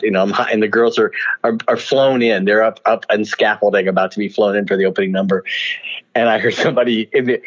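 An older man, a guest actor in an interview, telling animated anecdotes, laughing often and slipping into voices for the people in his stories. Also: fairly low pitch. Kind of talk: storytelling interview. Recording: dull lo-fi audio.

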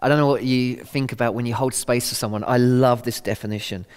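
A man's voice: mid-range voice, steady tone, a little fast, clear, resonant tone, big-room sound. A middle-aged man giving a conversational, earnest sermon talk, acting out quotes as he goes. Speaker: Christian speaker.

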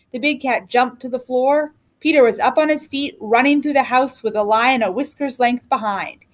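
Teacher reading a picture book aloud to children, clear and expressive, a bit high. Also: female voice. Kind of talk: storybook reading.

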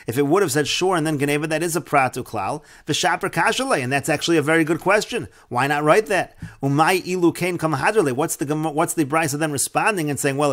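Male Talmud teacher, a bit high-pitched, steady read-then-explain delivery. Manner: reads Aramaic phrases then explains in English. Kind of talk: Talmud lesson, reading and translating.

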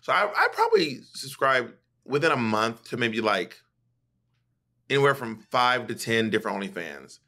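A man's voice: mid-range voice, huge pitch swings, moderate pace, sharp tone. A man hosting a podcast in casual chat, gossiping animatedly and swearing freely. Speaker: podcast host.

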